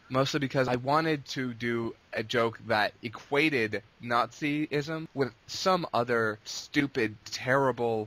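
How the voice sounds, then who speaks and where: A man's voice: mid-range voice, a bit bright. A man answering interview questions in a casual, long-winded way, rambling and restarting his sentences. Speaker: guest, abridged series creator.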